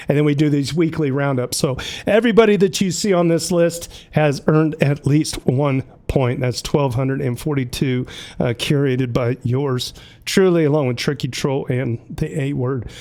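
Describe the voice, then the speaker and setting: A man's voice: mid-range voice, moderate pace, darkish tone. A man hosting a casual livestream, upbeat and chatty, running through announcements and names. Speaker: livestream host.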